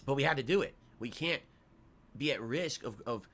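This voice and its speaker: A streamer with a congested nose gives viewers a rambling, complaining update on his illness. His mid-range voice has a fairly bright tone and moves at normal speed.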